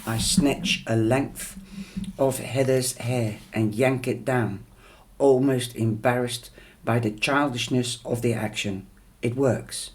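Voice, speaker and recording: A man's voice: medium pitch, steady tone, slow pace. A man reading a novel chapter aloud, with small slips and restarts. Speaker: audiobook reader.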